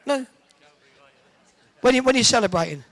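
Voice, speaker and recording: A man hosts a live event from an indoor hall, teasing audience members and firing off quick jokes. His voice sits very high, with a bright edge and a gravelly rasp underneath. He sounds like a seasoned compère working the room. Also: animated. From Hertfordshire, England. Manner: joking, teasing, quick with quips. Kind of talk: cheeky audience banter.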